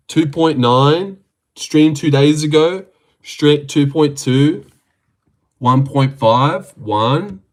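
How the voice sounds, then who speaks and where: A young man hosting a casual livestream, reading viewer comments aloud and bantering back in a joking way. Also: on the high side. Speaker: livestream host. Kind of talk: casual live-stream chat.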